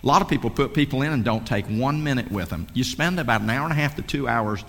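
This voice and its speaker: A man's voice: mid-range voice, lively intonation, fast talker, gravelly, fairly bright tone. Guy preaching sales tips, fervent and repetitive, echoey hall. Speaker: speaker at a sales meeting. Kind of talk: motivational sales talk. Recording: long hall reverb.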